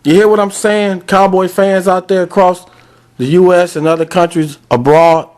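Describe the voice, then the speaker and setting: A man's voice: sits high, steady tone, moderate pace, a little mellow. A man hosting a sports talk podcast, ranting bluntly and calling out directly to fans. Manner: fired-up, addresses fans directly; blunt, repetitive scolding. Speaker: podcast host.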